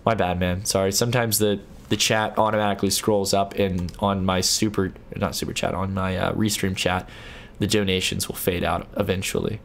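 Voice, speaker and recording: A young man with a low, gravelly voice and little pitch movement speaks at a moderate pace over slight background noise. Hosting a late-night livestream, he reads viewer messages aloud and replies casually in fits and starts, with many restarts.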